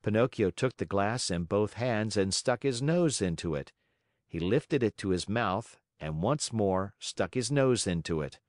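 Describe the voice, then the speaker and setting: A man narrating an audiobook of a classic children's story in a measured storybook reading style. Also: fairly low pitch, expressive, darkish tone, dry recording, clean studio sound. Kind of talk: scripted narration.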